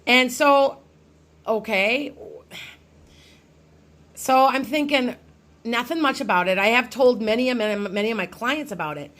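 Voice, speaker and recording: A woman's voice: on the high side, measured pace, long pauses, a bit bright. A middle-aged woman, a psychic medium, telling a personal ghost story to her followers in a casual, rambling way with many restarts.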